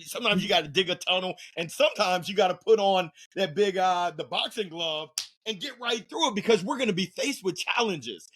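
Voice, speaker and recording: A man being interviewed on a podcast as a motivational speaker, urging listeners on with energetic, punchy repeated calls to act. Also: sits high. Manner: energetic hype-man delivery, exhorting listeners directly; repeats phrases for emphasis, punchy chant-like calls. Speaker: guest, motivational speaker and sales leader.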